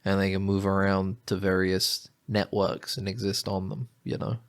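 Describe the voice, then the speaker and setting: A man's voice: sits low, level tone, moderate pace. A man co-hosting a podcast in casual chat, dry and joking, thinking aloud with restarts. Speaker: podcast co-host.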